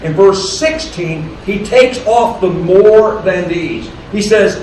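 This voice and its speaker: A man preaching a sermon, reading scripture slowly and deliberately, then explaining it to a congregation. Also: high-pitched, a little hiss or hum. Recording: distant, very echoey room with faint ambience.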